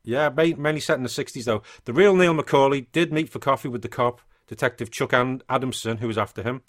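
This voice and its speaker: A man's voice: medium pitch, fairly quick. A man co-hosting a casual podcast, reading notes with chatty asides. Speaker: podcast co-host.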